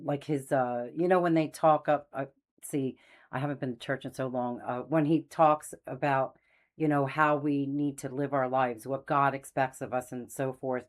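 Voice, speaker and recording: Low-voiced woman, meandering testimony. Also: steady tone, moderate pace. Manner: meandering, loses her train of thought. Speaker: host of a faith channel. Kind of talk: casual spoken testimony.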